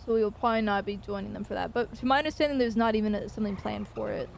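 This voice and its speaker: A woman game streamer in casual chat with her viewers, loose and chatty, swearing and pausing with fillers. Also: medium pitch, vocal fry, a little hiss or hum.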